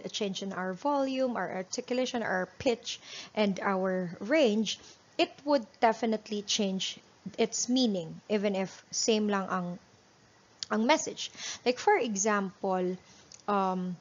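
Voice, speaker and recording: A woman's voice: medium pitch, muffled recording. Filipino woman teaching a lecture class. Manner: explanatory, repeats and restarts words, checks understanding with "right?". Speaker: instructor.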